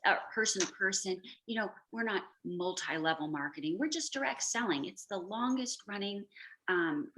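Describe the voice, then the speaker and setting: A woman host speaks in a bright, forceful voice. She talks effusively and chattily, leaning emotional as she steers a casual interview. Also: medium pitch, rough recording. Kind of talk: casual chat.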